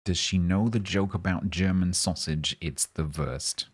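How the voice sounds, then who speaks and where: A man's voice: deep voice, measured pace, husky. A man live-streaming a game, chatting casually and jokingly with his chat.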